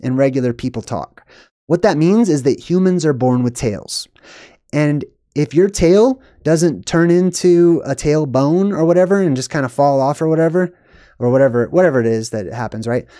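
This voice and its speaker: A man's voice: on the high side, moderate pace, dark tone, no echo, clean studio sound. A man hosting his own video, talking through a film in a rambling, emphatic way with frequent fillers and short laughs. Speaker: video host. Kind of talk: casual monologue.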